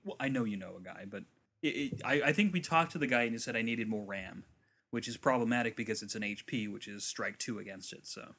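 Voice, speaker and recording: A man chatting casually as a podcast co-host, telling stories with animated quoted voices and casual swearing. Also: brisk, slightly rough. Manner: animated storyteller, acts out quotes with big pitch jumps; swears casually, many fillers. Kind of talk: casual chat.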